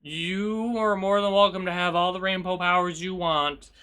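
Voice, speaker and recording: A man's voice: high voice, steady tone, moderate pace, pushed and bright, smooth. A man streaming a game live and chatting with viewers, with playful, mock-indignant protests and stammering repetitions. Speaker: VTuber streamer. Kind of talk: live gaming stream chat.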